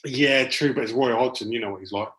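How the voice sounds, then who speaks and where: A man's voice: medium pitch, quick pace, fairly bright tone, rough recording. A man from England hosting a casual football podcast, chatty and joking, calling his guests "chaps" and "mate". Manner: chatty, laughing, ends phrases with "mate" and "chaps". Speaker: podcast host.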